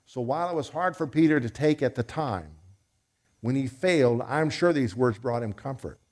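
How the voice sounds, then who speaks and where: A man's voice: mid-range voice, normal speed, darkish tone. A man preaching a sermon in a conversational way, acting out quoted voices as he goes.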